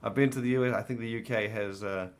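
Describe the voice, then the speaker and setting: A man's voice: lowish voice, steady tone, fast talker. A man with a New Zealand accent, a podcast panelist rambling in casual chat and swearing freely.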